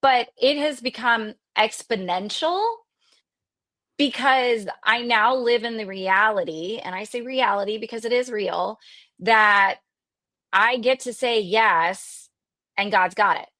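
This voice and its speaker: A woman from Texas, a podcast guest, telling a story in casual interview chat, animated and extroverted, acting out the voices of the people she quotes, with lots of fillers. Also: a little high, slow, no echo. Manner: animated, lively retelling with quoted dialogue and frequent fillers; extroverted and talkative.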